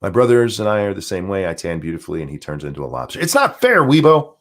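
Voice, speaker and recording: A man hosts his live stream in a loose, profane rant, mocking and joking as he goes. His voice sits low but swings wildly, leaping high for sarcastic asides and dropping back to a grumble. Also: very animated, fast talker. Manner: profane, mocking rant with sudden pitch jumps. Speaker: streamer and show host. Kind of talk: ranting live-stream commentary.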